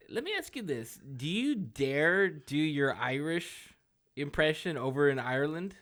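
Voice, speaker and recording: Bright teasing co-host voice. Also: medium pitch, animated, normal speed. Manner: curious, teasing questioner. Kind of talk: casual chat.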